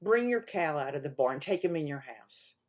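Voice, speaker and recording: A woman voicing a calm old wise man who gives slow, quiet advice in a told folk tale. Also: sits low, pitched below the performer's own voice. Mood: knowing. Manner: slow, hushed, knowing.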